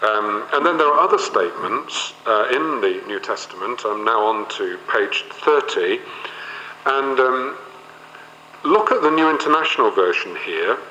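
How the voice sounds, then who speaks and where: A man's voice: mid-range voice, pushed and bright, roomy sound, in a large hall, slight background noise, poor audio. A man leading a Bible study, reading verses aloud and explaining them, with occasional fillers. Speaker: Bible teacher.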